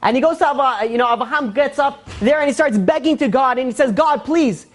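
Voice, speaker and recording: A woman giving a religious lesson, telling stories in an animated way and acting out the quotes, with lots of repetition and fillers. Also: high-pitched. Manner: fast, repetitive speech with fillers. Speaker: Torah teacher.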